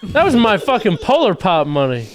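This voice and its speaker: A man in casual podcast chat who tosses in quick jokes. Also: sits high, huge pitch swings. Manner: quick joking interjections.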